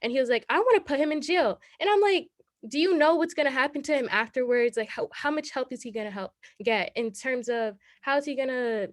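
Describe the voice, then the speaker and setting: A woman's voice: high voice, expressive, a little fast, no room sound, studio quality. An eighteen-year-old woman, a city council candidate answering interview questions earnestly, rambling and laughing often.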